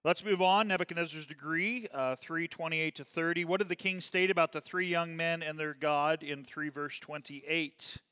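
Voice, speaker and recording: A man leading a Bible study class, talking casually with his group and often asking "okay?", and reading scripture slowly and with emphasis. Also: on the high side, steady tone, sharp tone, clear, resonant tone, big-room sound. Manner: conversational, checks in with "okay?" often.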